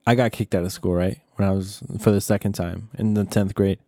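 A young man on a podcast who talks bluntly and jokes around, swearing as he goes. His voice sits a bit low, and the recording is close and dry. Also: fairly even intonation, a little fast, warm tone, no echo. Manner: blunt, joking, profane. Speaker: podcast co-host. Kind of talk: casual chat.

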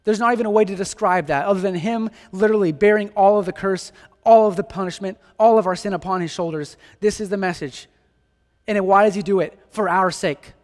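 Earnest high-voiced male preacher in a hall. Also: brisk. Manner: earnest, emphatic, repeats phrases and rhetorical questions. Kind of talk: sermon.

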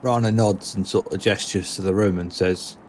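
A man's voice: low-pitched, fairly even intonation, normal speed, darkish tone, a little hiss or hum. A man narrating his character in a tabletop role-play, rambling and hedging with many restarts. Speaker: player.

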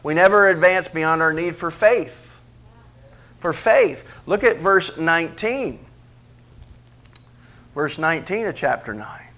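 Male preacher, slightly high voice; dynamic sermon delivery, quiet asides building to loud emphatic peaks, questions to the room. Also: expressive, takes it slowly, pauses often. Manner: preaches with big swings in pitch and loudness, rising to emphatic peaks; asks the congregation questions directly. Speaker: pastor.

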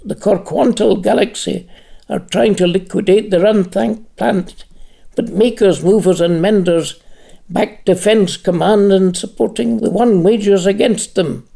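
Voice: mid-range voice, a little slow, gravelly, dark tone. A reader voicing a grown son who is brusque, urgent and impatient, as an audiobook character. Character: adult son, urgent, curt and protective.

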